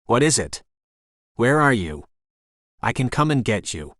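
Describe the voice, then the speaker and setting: A man's voice: mid-range voice, sing-song, unhurried, fairly bright tone, no room sound, studio quality. A man voicing a protective, determined young man who speaks urgently and firmly in an audiobook.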